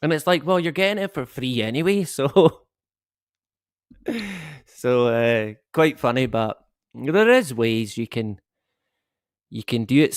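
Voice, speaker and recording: Male stream host at home, unhurried and chatty, dry close sound, rambling easy talk. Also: medium pitch, smooth, dry recording. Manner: rambling, chatty, greets viewers, chuckles often. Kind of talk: casual live-stream chat. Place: at home, dog snoring behind him.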